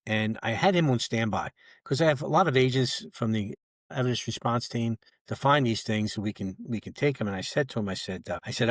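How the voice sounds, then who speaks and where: With a lowish voice and clean studio sound free of any room noise, a retired federal agent in his later years tells a lengthy story on a podcast setup. His talk is casual, and he voices both parties in conversations from the past.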